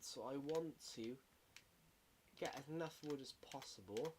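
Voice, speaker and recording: A man's voice: on the high side, lively intonation, moderate pace, a little hiss or hum. Rambling man streaming a game. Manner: rambling, self-correcting, chatty. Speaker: gaming livestreamer. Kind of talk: casual livestream chat while gaming.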